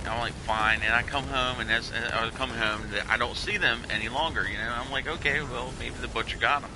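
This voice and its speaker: A man from Delaware rambles through a story while gaming with friends, repeating himself and circling back. His voice sits at an ordinary pitch. Game sounds run clearly behind him. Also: fairly even intonation, fairly quick, noisy background. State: has been drinking. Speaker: gamer telling a story. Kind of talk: casual chat while gaming.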